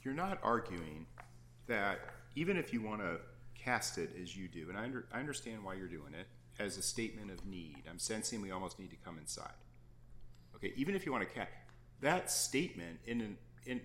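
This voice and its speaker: Low-voiced male judge questioning, echoey room. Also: sing-song, brisk, a bit bright. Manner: probing, conversational, self-correcting. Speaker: appeals judge. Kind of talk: questioning from the bench. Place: courtroom. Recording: echoey courtroom with faint noise.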